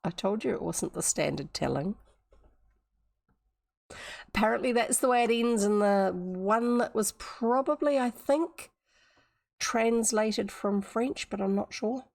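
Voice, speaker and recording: A woman's voice: medium pitch, a little slow, vocal fry, pauses often, a little mellow. A woman with a New Zealand accent reading an old fairy tale aloud on a live stream, adding chatty asides. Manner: chatty asides between read passages.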